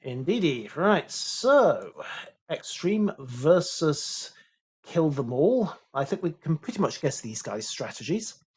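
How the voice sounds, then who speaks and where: A man giving live esports game commentary, explaining tactics calmly with dry jokes. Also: a little high, takes it slowly, husky. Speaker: esports caster.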